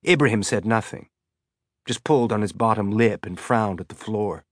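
A male audiobook narrator reads scripted narration in a steady, measured storytelling manner. His pitch is fairly low, and the recording is dry, with clean studio sound.

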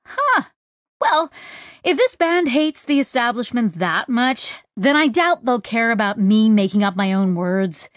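A woman reading a brash young female mechanic with a loud, bouncy, cheeky manner in an audiobook. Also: a little high, very animated, measured pace, no room sound, studio quality, voice pushed up. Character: brash young female mech tech, irreverent.

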